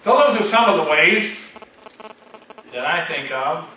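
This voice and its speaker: A man preaching a sermon in a slow, deliberate way, with emphatic rises and repeated words. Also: on the high side, lively intonation, pushed and bright. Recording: echoey hall, speaker far from mic, faint hiss.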